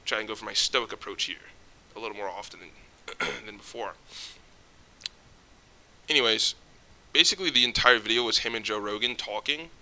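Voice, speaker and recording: Jittery young man with a very bright voice. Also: on the low side, normal speed, pauses often. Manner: jittery, stumbles over words; swears often, rambling restarts. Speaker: vlogger. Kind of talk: casual ranting monologue.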